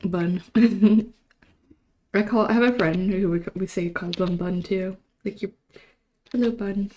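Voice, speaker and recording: A woman's voice: medium pitch, unhurried, mellow. A young woman hosting a livestream, chatting casually in a rambling, self-deprecating way, her throat still a little sore. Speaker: livestream host. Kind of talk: casual chat.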